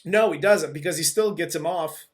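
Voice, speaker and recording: Male co-host, slightly higher voice, loose rambling recap style. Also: normal speed. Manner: rambling, loose recap with frequent restarts and laughs. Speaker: podcast co-host. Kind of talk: casual movie review chat.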